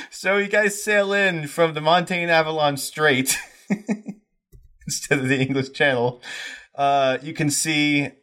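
A man's voice: medium pitch, fairly bright tone. A man narrating as game master, playful and laughing often.

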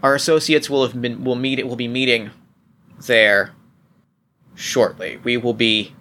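A man voicing a shrewd older woman, an armed underground fixer, who lays out calm, businesslike offers with frequent restarts. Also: mid-range voice, measured pace.

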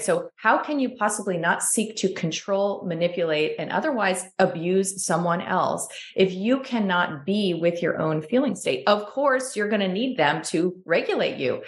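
Gravelly low-voiced woman host, emphatic. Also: reverberant. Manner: emphatic, searching, frequent "right?" tags. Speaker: podcast host. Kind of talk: casual podcast conversation.

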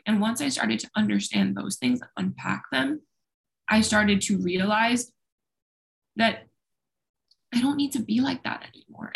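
A woman's voice: mid-range voice, gravelly. A young woman speaking openly and at length as an interview guest, talkative and self-deprecating. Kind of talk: candid personal conversation.

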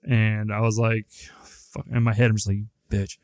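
A man's voice: fairly low pitch, level tone, brisk, no echo. A young man co-hosting a podcast, telling a long, rambling, profane story in a casual, laid-back way. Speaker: podcast co-host.

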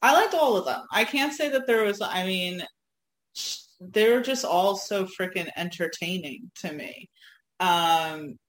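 A woman's voice: lowish voice, a little slow. A woman chatting casually as a co-host, rambling and laughing often. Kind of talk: casual chat. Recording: echoey room.

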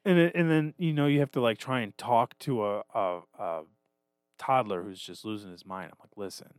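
A man's voice: mid-range voice, moderate pace, clear, resonant tone, dry recording, studio quality. A man in his thirties, a podcast co-host talking casually, self-deprecating and swearing a lot. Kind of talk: casual chat.

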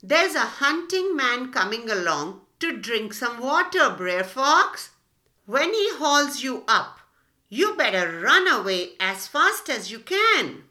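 A woman's voice: sits high, lively intonation, slow, sharp tone, voice pushed up, heavily acted. A woman voicing a sly, cheerful male trickster rabbit in a children's storybook reading, coaxing and singsong.

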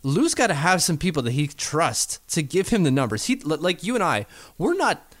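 A man co-hosts a casual sports chat in a fairly high voice that swings up and down a lot. He rambles, restarts and corrects himself as he talks. The sound is close and dry. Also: sing-song, moderate pace, no echo. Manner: chatty, rambling, self-correcting. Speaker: podcast co-host.

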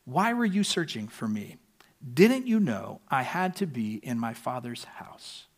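A man preaching who quotes a twelve-year-old boy answering his mother calmly and quickly. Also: mid-range voice. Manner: calm, quick.

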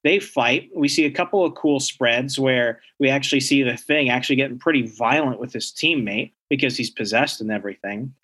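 Animated man recapping a comic. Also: mid-range voice, brisk, hardly any pauses, breathy edge. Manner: animated storytelling, acts out characters' lines. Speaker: comic book podcast co-host. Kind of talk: casual chat, recapping a comic.

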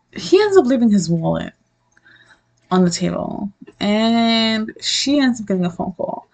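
A young woman chatting casually about a webtoon, excitable and profane, acting out the characters' lines in quick asides. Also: medium pitch, poor audio. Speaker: book reviewer. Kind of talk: casual chat, recapping a webtoon.

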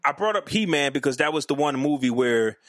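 A male podcast co-host with a fairly high, bright voice that swings up and down a lot as he teases and jokes. He sounds animated and close to the mic in a dry space. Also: a little fast, no echo. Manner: animated, teasing, jokey. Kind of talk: casual chat.

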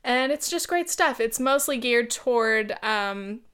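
Young female vlogger, smooth clear voice, a bit high, chatty and rambling. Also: expressive, a little slow, fairly bright tone. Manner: rambling, filler-heavy, with many ums and likes. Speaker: YouTuber. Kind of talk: casual chat to camera.

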